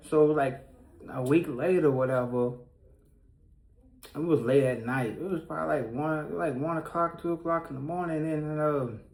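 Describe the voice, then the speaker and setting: A man's voice: on the high side, roomy sound, poor audio. Somber man telling a rambling story. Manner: rambling, heavy with fillers and restarts; somber, pained retelling of a loss. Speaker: person sharing a personal story. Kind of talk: casual spoken storytelling.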